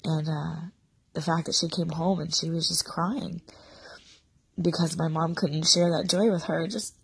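A woman in her thirties, a sick and short-of-breath mother, sadly confiding a personal story in a halting monologue full of fillers. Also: deep voice, steady tone, gravelly, slightly rough, no echo. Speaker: podcaster, mother.

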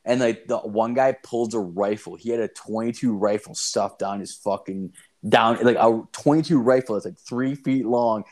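Low-ish guy on a podcast, swears a ton, says like and dude every other word. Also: moderate pace, a little mellow. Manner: profane, rambling, heavy on "like" and "dude". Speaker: podcast co-host. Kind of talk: casual storytelling chat.

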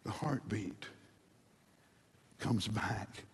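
A man preaching a sermon dramatically, moving between hushed passages and loud ones, in a large hall. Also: fairly low pitch, extremely slow, slight background noise. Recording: long hall reverb.

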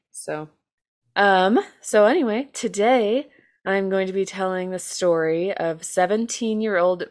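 An American woman co-hosting a true-crime podcast in casual chat, talking chattily with lots of fillers, self-deprecating jokes and the odd swear word. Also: lowish voice. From United States. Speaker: podcast co-host telling a true-crime case.

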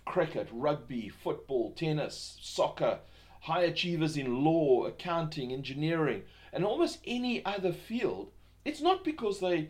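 A man with a somewhat higher voice hosts a self-help podcast on his own. He rambles in an unscripted way, full of ums and restarts. He keeps posing rhetorical questions to the listener. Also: a little mellow. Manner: rambling, many fillers and restarts. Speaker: podcast host.

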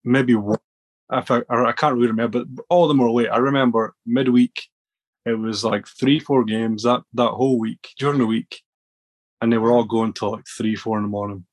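A man's voice: mid-range voice, steady tone, brisk. A man sitting in as a podcast guest, his voice in an ordinary middle register. He tells long stories in a casual, rambling way, full of restarts and fillers. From Scotland. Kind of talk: casual storytelling.

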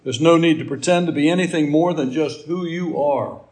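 A man's voice: fairly high pitch, moderate pace, darkish tone. A middle-aged man giving a conversational sermon, folksy and rambling, with asides and fillers. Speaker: preacher.

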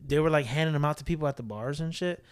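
A young man co-hosting a podcast, telling an animated story in casual chat and swearing freely. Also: fairly high pitch, fast talker, smooth. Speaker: podcast co-host.

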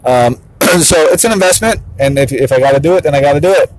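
A business-owning dad in his thirties speaks fast in a voice on the high side during a casual vlog monologue, laughing frequently and playfully copying his kids. There's no echo, but the recording is rough.

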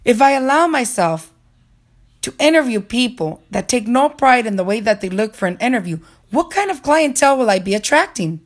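A woman's voice: fairly high pitch, very animated, normal speed. A woman doing a stern lady interviewer. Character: stern middle-aged woman interviewer, strict about standards.

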